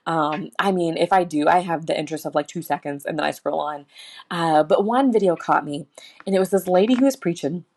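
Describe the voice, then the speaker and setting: A woman's voice: low voice, a little fast, darkish tone. A woman talks through a personal faith story on her podcast. She speaks earnestly and close to tears, circling back with fillers and restarts. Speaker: podcast host. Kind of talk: personal faith reflection, casual monologue.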